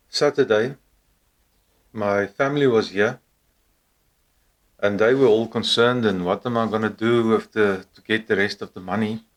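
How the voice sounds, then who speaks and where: Slow, hesitant low-voiced man. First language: not English. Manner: hesitant, with many pauses and fillers. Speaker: vlogger. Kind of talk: casual encouraging talk to camera.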